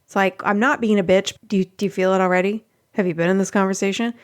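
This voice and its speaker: Casting note: middle-aged woman, chatty host, animated, acts out quotes, mid pitch. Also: fast talker. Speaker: relationship podcast host. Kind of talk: casual advice monologue.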